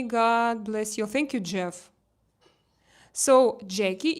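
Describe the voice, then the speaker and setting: A young woman with a Russian accent chatting casually on a phone live stream, halting with fillers and restarts, reading chat messages. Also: medium pitch. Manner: halting, many fillers and restarts, laughs easily. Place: home terrace.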